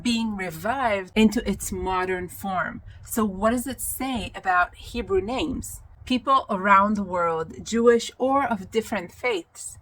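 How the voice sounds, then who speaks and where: A woman's voice: mid-range voice, a bit bright. A woman teaching Hebrew names, speaking carefully and spelling out each pronunciation. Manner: careful, deliberate enunciation of each word. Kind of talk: slow, clear language lesson. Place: outdoors in wind, then indoors in a workshop.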